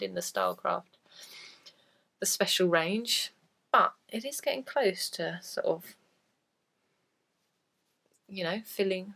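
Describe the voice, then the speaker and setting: A woman's voice: medium pitch, vocal fry, a bit bright. A woman hosting a crafting podcast, chatting in a rambling, self-deprecating way, with a lingering cough from a cold. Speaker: podcast host. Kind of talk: casual chat.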